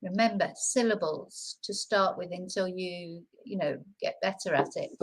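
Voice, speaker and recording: A woman's voice: lowish voice, poor audio. Chatty woman teaching pronunciation. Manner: chatty, restarts often, stretches out example words slowly. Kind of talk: live-streamed casual lesson.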